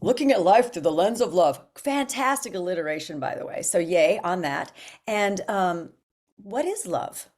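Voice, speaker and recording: A woman's voice: lowish voice, animated, normal speed, a little mellow. A woman guest speaking in an earnest, encouraging way during a casual conversation. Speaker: guest coach.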